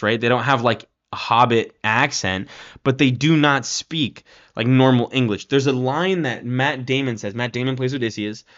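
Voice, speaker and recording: A man at a middling pitch rants through a film review in a loose, casual way. He keeps circling back with "like" and "right?" and swears freely. The recording sounds a little dull and lo-fi.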